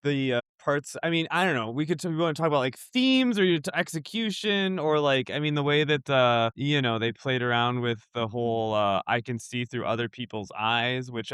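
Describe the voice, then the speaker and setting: A man co-hosts a casual film chat and meanders through his points with plenty of fillers. His voice is clear and smooth, recorded close and dry. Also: medium pitch, fairly bright tone, no room sound. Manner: rambling, many fillers like "like" and "I mean". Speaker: podcast co-host.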